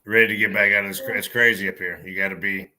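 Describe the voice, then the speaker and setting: A man's voice: fairly low pitch, little pitch movement, fast, sharp tone. A man co-hosting a casual podcast, joking around with profane banter. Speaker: podcast co-host. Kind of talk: casual chat over beers.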